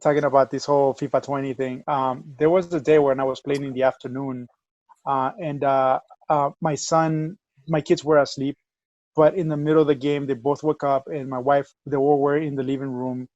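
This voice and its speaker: A man co-hosting a soccer podcast, telling animated stories in casual chat over a remote link. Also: mid-range voice, normal speed, no room sound. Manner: animated storyteller. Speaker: podcast co-host. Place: home, remote call. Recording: dull lo-fi remote audio.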